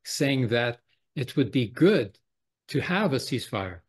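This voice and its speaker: A man's voice: medium pitch, sing-song, unhurried, husky. A man in casual political chat who rambles and leans heavily on "you know".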